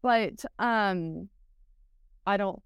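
A woman's voice: mid-range voice, drawn-out words, clear, resonant tone, dry recording, clean studio sound. A woman from Texas with a Texan accent, talking casually as a podcast interview guest. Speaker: guest, recovery coach.

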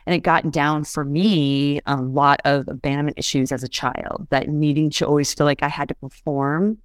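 Woman, podcast guest, smooth voice, dry close sound, conversational, checks in with listeners. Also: sits low, fairly even intonation, normal speed, hardly any pauses, no room sound. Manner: keeps checking in with listeners, "you guys", "does that make sense". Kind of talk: conversational explaining.

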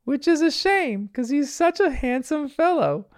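A man voicing a cartoon dad who mimics his wife in an exaggerated, sing-song falsetto. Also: expressive, a little slow. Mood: mock sweet.

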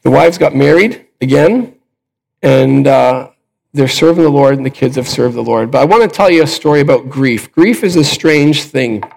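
Gravelly older man preaching. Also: mid-range voice, animated, moderate pace, a little mellow, poor audio. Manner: conversational storytelling, many fillers and restarts. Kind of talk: sermon with personal story.

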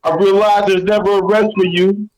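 A man delivering freestyle rap verses in a steady, rhythmic flow. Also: sits high, normal speed, rough recording. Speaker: freestyle rapper.

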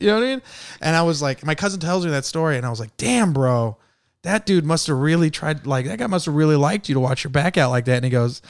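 A man's voice: fairly high pitch, lively intonation, fast, no room sound, studio quality. A man from San Jose, California, telling a comic story in casual chat, acting out the people he quotes and laughing often. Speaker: comedian guest.

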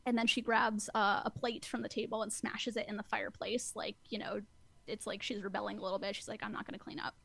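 A woman hosting a casual recap chat, lively, acting out quotes and laughing often. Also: mid-range voice, brisk, creaky, no echo. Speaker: podcast host recapping a show.

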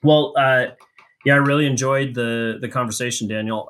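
A man's voice: medium pitch, fairly even intonation, moderate pace, a bit bright. A man hosting a podcast, closing the interview in an earnest, friendly way. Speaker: podcast host. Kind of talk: casual interview.

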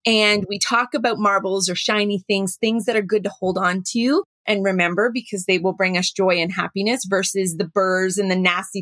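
A middle-aged woman, a workshop facilitator telling a story with animated, acted-out dialogue. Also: medium pitch, dry recording. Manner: animated, acts out dialogue in her stories. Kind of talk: storytelling talk.

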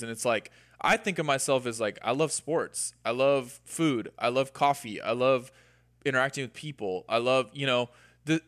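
A man talks in an earnest, explanatory way, working through extended scenarios to make a point. His voice sits in a middle register, and the recording is close and dry with no room sound. It has the relaxed feel of a casual podcast conversation. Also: medium pitch, no room sound. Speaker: podcast co-host.

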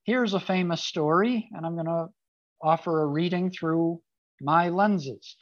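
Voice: mid-range voice, unhurried, no room sound. A speaker giving an informal sermon on a Jewish text, conversational with casual asides. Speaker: speaker giving a Torah talk. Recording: dull lo-fi dry recording.

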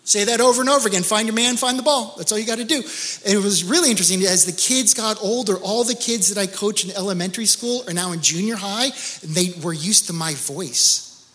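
Animated, bright-voiced male pastor. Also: high-pitched, a little fast. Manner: animated storytelling with laughs and exclamations. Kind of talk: sermon.

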